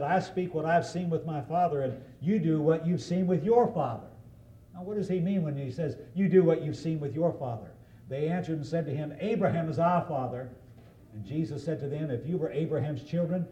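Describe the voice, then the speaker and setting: A man's voice: fairly high pitch, warm tone, reverberant, dull audio, slight background noise. A man preaching a sermon, reading scripture aloud and explaining it in an earnest, emphatic way.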